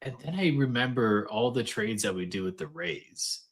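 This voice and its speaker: A man's voice: on the low side, moderate pace. A man co-hosting a casual sports podcast, talking loosely with plenty of ums and uhs. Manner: relaxed, lots of fillers. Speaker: podcast co-host. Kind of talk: casual sports chat over beers.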